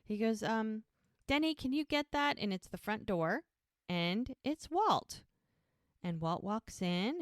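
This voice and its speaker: Podcast co-host, woman, easy chatty recap voice, middle pitch, dry and close. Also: a bit bright, no echo. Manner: retells scenes by quoting characters with "he's like". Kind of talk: casual recap chat.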